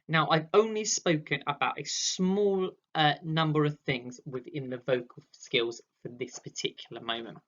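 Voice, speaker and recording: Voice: medium pitch, fairly bright tone. A drama teacher, giving a recorded online lesson and acting out vocal examples as they explain. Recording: dull lo-fi sound.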